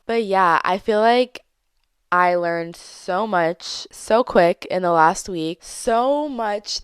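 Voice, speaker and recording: A woman's voice: on the low side, clean tone, dry recording, studio quality. A young woman hosting a podcast, telling a dating story in a chatty, dramatic way and acting out the quoted lines. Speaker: podcast host. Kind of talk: casual storytime monologue.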